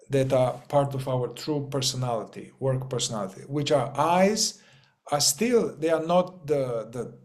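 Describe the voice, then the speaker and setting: A man teaching a group in an informal spiritual talk, rambling, repeating words and swearing casually. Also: mid-range voice.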